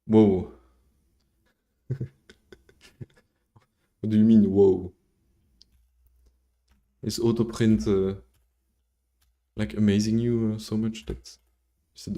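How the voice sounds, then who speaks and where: Slow and flat, with long pauses, a fairly low and mellow male voice narrates a live coding stream. The speaker, a native French speaker, rambles, swears now and then and chats with viewers between code steps.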